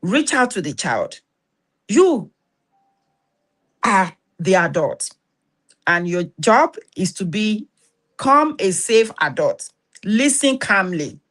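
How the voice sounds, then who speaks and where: A woman's voice: medium pitch, very animated, slow, long pauses, fairly bright tone. A woman hosting a talk, urging listeners in an exhorting way, often repeating words as she restarts. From Nigeria. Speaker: host. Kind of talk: earnest spoken talk to camera.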